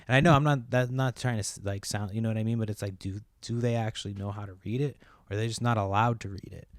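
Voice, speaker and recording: A low-voiced man hosts his podcast, rambling through a frustrated story with plenty of swearing. The recording is dry and close, with no room sound. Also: steady tone, fast talker, no echo. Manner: profane, exasperated storytelling. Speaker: podcast host. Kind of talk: casual rambling monologue.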